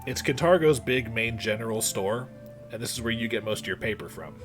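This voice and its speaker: A man's voice: mid-range voice, fairly quick, soft background music. A man running a tabletop game as game master, narrating with stammering restarts.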